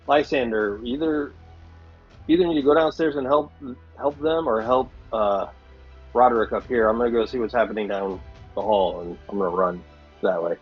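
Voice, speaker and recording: A man playing a tabletop game, hesitant and often clearing his throat. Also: medium pitch, moderate pace, dull audio, faint music behind. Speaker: player.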